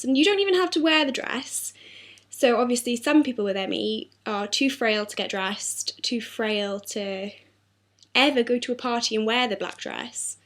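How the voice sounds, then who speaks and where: A young woman talking earnestly and apologetically in a personal video diary, her throat sore. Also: on the high side. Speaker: vlogger.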